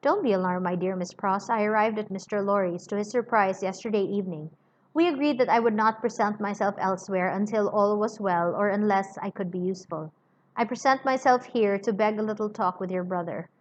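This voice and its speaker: A woman reads aloud in the character of a cool, sardonic Englishman whose measured sentences cut quietly. Her medium-pitched voice is close to an everyday one, and the lo-fi recording is slightly muffled with slight background noise.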